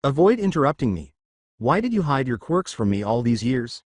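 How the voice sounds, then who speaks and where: A man reading the part of a hot-tempered teenage boy hero, demanding and furious. The pitch swings widely, and the sound is close and dry. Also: big pitch swings, moderate pace, dry recording. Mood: threatening. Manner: yelling, demanding.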